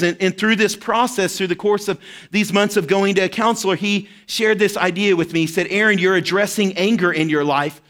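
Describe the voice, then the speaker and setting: Guy preaching, high voice, chatty and personal, keeps saying right?. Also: a bit bright. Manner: conversational, personal storytelling with frequent "right?" asides. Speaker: pastor. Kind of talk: sermon.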